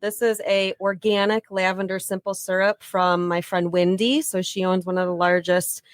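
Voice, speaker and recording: A woman's voice: mid-range voice, flat delivery, normal speed, dry recording. A woman mixing a drink on a podcast, cheerfully explaining what goes in it. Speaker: guest bartender. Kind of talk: casual chat.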